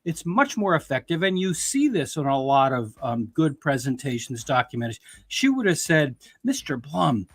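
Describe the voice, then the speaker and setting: A man's voice: on the high side, sing-song, normal speed, few pauses, a bit bright, no room sound. A man who is an attorney, giving blunt, emphatic criticism in a casual podcast discussion. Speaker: guest commentator, attorney.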